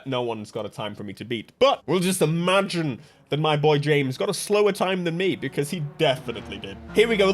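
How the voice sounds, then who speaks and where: On his gaming channel, a high-pitched man gives excitable, joking commentary over a racing game, laughing frequently.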